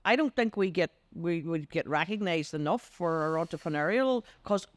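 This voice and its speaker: Animated older Northern Irish woman storyteller. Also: normal speed, no room sound. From Northern Ireland. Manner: animated, acts out quoted voices with big pitch leaps. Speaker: guest business coach. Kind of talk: podcast interview, anecdotal storytelling.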